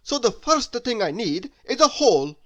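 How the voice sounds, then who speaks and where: A woman voicing an eager, naive male seal who talks loudly and excitedly in a storybook reading. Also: a little high, moderate pace, pitched above the performer's own voice. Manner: loud, excited, pleading.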